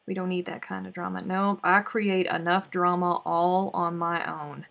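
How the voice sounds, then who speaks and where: A woman's voice: fairly low pitch, level tone, moderate pace, vocal fry, a bit bright. A woman with a Southern US accent chatting casually on a crochet live stream, sometimes counting stitches under her breath.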